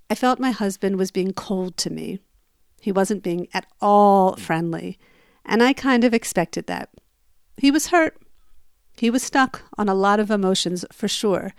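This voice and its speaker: A woman's voice: medium pitch, clear, resonant tone, dry recording, clean studio sound. A woman telling a personal story in a conversational way, growing emphatic as she relives an argument.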